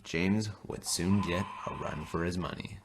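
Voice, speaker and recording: A man narrating a toy train story in an expressive storybook reading. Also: low voice, a little slow, noisy background.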